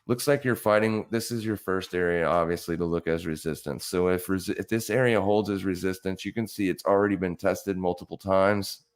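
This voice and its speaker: Male host, deep voice, casual live-stream trading talk, blunt coaching manner. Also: fairly even intonation, brisk, hardly any pauses.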